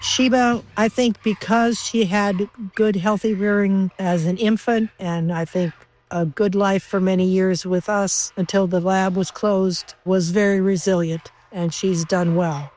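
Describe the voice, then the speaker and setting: Older woman researcher, earnest and emotional, mid pitch, interview. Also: steady tone, measured pace, darkish tone. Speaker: former lab researcher interviewed. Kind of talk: documentary interview.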